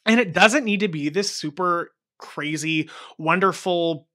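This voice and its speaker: Male music-teacher host, bright forward tone, lively storyteller. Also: sits high, measured pace. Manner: animated, acts out kid voices and chants. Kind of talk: teaching talk with acted-out story examples.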